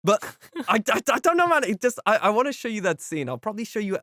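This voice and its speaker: A man's voice: high-pitched, fast, dry recording. A man co-hosting a casual podcast, his voice leaping up and down as he retells a game scene, filling gaps with "like." The sound is dry and close with no room around it. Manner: animated storytelling, full of "like". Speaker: podcast co-host. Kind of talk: casual chat.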